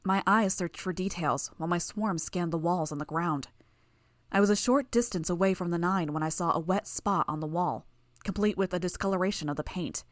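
A woman reading a first-person audiobook in a steady, measured way. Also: lowish voice, dry recording. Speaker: audiobook narrator.

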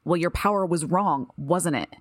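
A woman's voice: fairly low pitch, moderate pace, dry recording, clean studio sound, natural voice. A woman voicing a hot-tempered young man who curses and accuses, in an audiobook reading. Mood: angry. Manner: cursing, accusing.

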